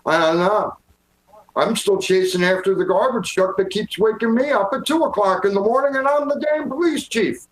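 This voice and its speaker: Deadpan man, dispatcher role, fairly high voice, echoey room, improv comedy. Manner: wry, deadpan and quick to take other lines. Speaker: improv host playing a dispatcher. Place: video call from home.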